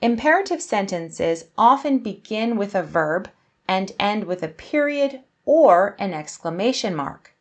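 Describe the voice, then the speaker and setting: Woman teacher, young adult, calm and deliberate, reads example sentences aloud with expression. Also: medium pitch. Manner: clear, measured, explanatory delivery with acted example sentences. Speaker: English teacher. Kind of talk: scripted grammar lesson.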